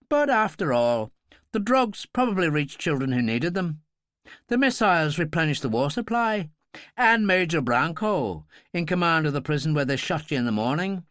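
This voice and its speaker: A man's voice: on the high side, a bit bright, no room sound. A man voicing a seasoned middle-aged pilot who talks with dry, wry humor.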